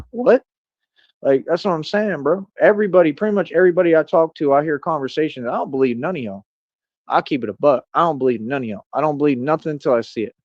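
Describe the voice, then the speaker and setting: A man's voice: a little high, quick pace, a little mellow, dry recording. Man, 30s, streamer, combative bragging rant, dull lo-fi dry audio. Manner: boastful, confrontational ranting. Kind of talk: rambling livestream monologue.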